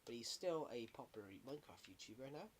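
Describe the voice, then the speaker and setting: A man's voice: medium pitch, expressive, fast talker, a little hiss or hum. A man chatting casually on a gaming livestream, rambling and correcting himself as he talks.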